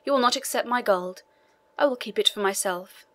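A woman's voice: fairly high pitch, a little fast, a bit bright, no room sound, natural voice. A woman voicing an imprisoned old male priest who earnestly insists on his hidden treasure and begs for his freedom. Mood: pleading.

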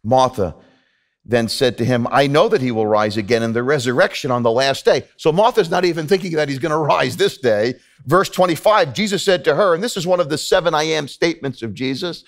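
A man's voice: fairly high pitch, brisk. A man preaching a sermon in a church, talking earnestly and conversationally to the congregation, often repeating himself. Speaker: pastor. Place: church sanctuary.

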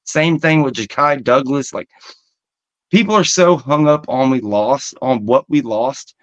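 A man's voice: mid-range voice, a little slow, fairly bright tone, no echo, highs cut off. A man with a Southern accent co-hosting a casual sports podcast, rambling with lots of fillers and some swearing. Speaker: podcast co-host.

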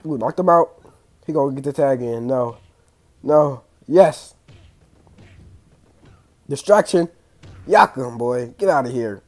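A young man casually commentating his own wrestling video game play, excitable and slangy, trash-talking the opponents, with a clogged throat. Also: mid-range voice, slow pace, pauses often, faint music behind. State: congested throat. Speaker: gaming channel host.

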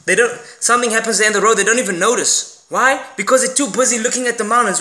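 A man delivering an emphatic, animated motivational vlog monologue, swearing casually as he talks. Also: extremely high pitch, quick pace, hardly any pauses. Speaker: motivational vlogger.

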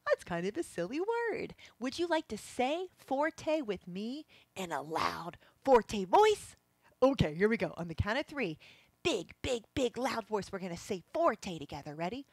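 A woman teaching a playful music lesson for young children, animated and often dropping to a whisper. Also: mid-range voice, normal speed, dry recording.

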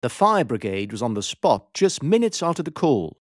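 A man reads practice sentences in a steady, clear voice. His pitch moves freely. The sound is dry and close. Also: moderate pace, no echo. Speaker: example sentence reader. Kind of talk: recorded language drill.

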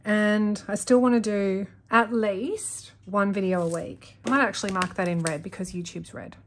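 With a mid-range voice, moderate pace, and fairly even intonation, a planner vlogger speaks over slight background noise. She's a young woman setting up her planner while casually chatting to viewers, rambling and self-correcting as she goes.

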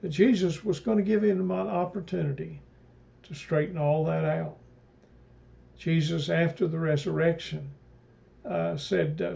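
Pastor guy doing a midweek bible study, real gravelly, kinda higher voice, lots of uh's, dull lo-fi sound. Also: fairly even intonation, dark tone. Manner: halting, with many "uh" fillers and restarts; retells scripture, quoting speakers in old-fashioned phrasing. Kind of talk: mid-week Bible study talk. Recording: dull lo-fi recording.

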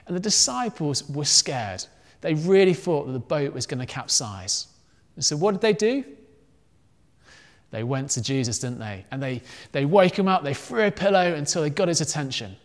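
A man giving an animated children's talk at a family worship service, telling a story and acting out the voices in it. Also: a little high, normal speed, in a large hall. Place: church.

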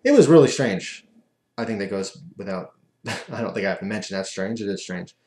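A man with a fairly low voice rambles through a loose, self-amused story in a casual vlog. His words ring around an echoey room. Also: animated, brisk, darkish tone. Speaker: vlogger.

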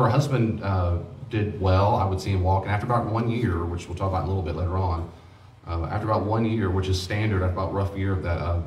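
A man's voice: low voice, darkish tone, a little hiss or hum. A man preaching a teaching sermon on grief as a pastor, earnest and conversational, repeating himself for emphasis. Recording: echoey room, mic at a distance.

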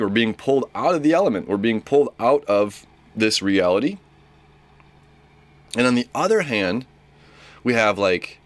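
A man's voice: fairly low pitch, fairly bright tone. A young man giving a casual, rambling horoscope talk as an astrologer, repeating himself and acting out little dialogues.

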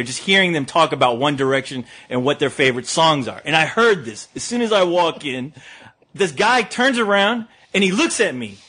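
A man's voice: fairly high pitch, breathy edge. A young man, a podcast co-host and movie reviewer, telling a comic story with lots of laughing and acted-out voices. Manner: animated, laughing, acting out voices. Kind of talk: comic storytelling, casual chat.

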